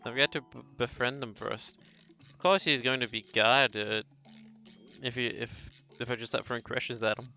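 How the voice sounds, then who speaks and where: Man streamer, casual joking asides, bright tone, faint music behind. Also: mid-range voice, steady tone, normal speed. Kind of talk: casual gameplay commentary.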